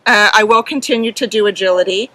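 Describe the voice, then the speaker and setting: Middle-aged woman, podcast co-host, bright open voice, heartfelt, halting storyteller. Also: medium pitch, poor audio. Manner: earnest, emotional, halting with many ums. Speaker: podcast co-host and herding judge. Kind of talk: casual storytelling chat.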